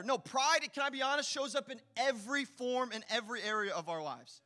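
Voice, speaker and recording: A man preaching a sermon as pastor, telling animated stories with playful asides to his congregation. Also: extremely high pitch, fairly quick, few pauses.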